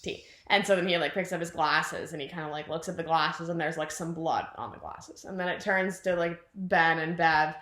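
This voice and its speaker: A young woman in casual chat, retelling a film's plot in a rambling, animated way, full of "like" and acted-out quotes. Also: low-pitched, moderate pace, few pauses. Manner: rambling, animated, heavy use of "like", acts out quotes. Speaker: vlogger retelling a film plot. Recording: echoey room.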